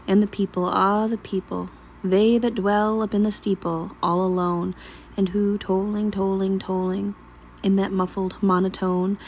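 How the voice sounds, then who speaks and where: Woman reciting poetry, gravelly and mellow. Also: medium pitch, a little hiss or hum, rough recording. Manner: slow, emphatic recital with repeated words drawn out. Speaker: vlogger and mother of a large family. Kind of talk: dramatic poetry reading. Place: home kitchen while cooking.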